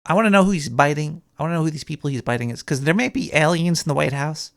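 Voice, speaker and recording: A man's voice: a little high, expressive, fast, gravelly, no echo, clean studio sound. A man playing a paranoid male cartoon rat who hosts a call-in radio show, rambling with lots of restarts.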